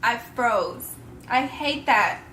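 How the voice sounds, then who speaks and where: A woman's voice: on the high side, expressive, extremely slow, bright, forceful tone, slight background noise. A young woman vlogger telling a personal story casually, using slang and talking straight to her viewers.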